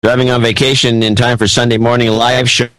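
A man's voice: medium pitch, flat delivery, a little fast, loud music behind the voice, rough recording. A man co-hosting a podcast in casual chat, reading listener donations aloud in a matter-of-fact way. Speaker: podcast co-host.

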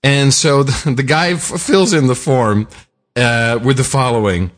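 Unhurried and medium-pitched, a man co-hosting a talk podcast tells stories in a joking, casual way. He laughs often as the chat goes on.

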